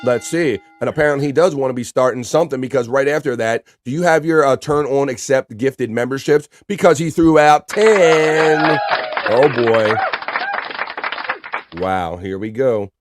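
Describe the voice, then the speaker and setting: A man's voice: mid-range voice, fairly quick, few pauses, noisy background. A man hosting a live stream, joking casually and reading chat messages aloud. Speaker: livestream host.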